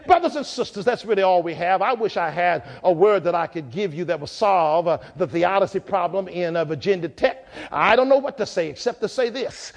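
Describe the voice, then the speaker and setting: A man preaching a sermon in a church, rhythmic and repetitive, rising from quiet reflection to shouted climaxes. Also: sits high, animated, brisk, few pauses.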